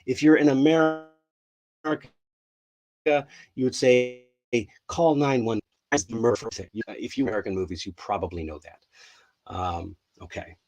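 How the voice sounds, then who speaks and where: A man's voice: mid-range voice, normal speed, pauses often, a little mellow. A man hosting a live English lesson, loose and rambling with many restarts, acting out example phrases with emphasis. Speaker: English teacher, live show host.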